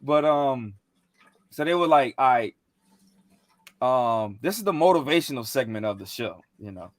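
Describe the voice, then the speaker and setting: A man's voice: mid-range voice, lively intonation, moderate pace, no echo. A young man in casual chat, telling a rambling, slangy story with lots of fillers and restarts. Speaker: podcast co-host.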